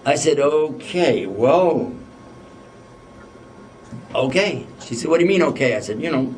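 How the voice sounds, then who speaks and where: A man's voice: medium pitch, animated, a little slow, a little mellow, distant mic, a little hiss or hum. A man giving a religious lecture, telling a humorous personal story and acting out the dialogue. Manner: humorous, anecdotal, acts out dialogue.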